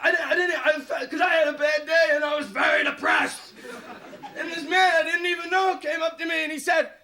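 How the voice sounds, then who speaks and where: A man playing a nervous, awkward amateur comedian who stammers, restarts his sentences and tells flat jokes in a 1980s late-night TV comedy bit. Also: very high voice, brisk, some chatter behind, exaggerated voice. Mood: stammering. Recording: old TV studio tape with loud audience laughter and noise.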